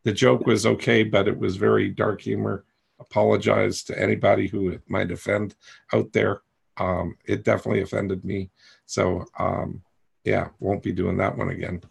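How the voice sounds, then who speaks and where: Male coach-host, gravelly and husky, candid and rambling, self-mocking. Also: on the low side, flat delivery, moderate pace. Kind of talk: coaching talk to a group.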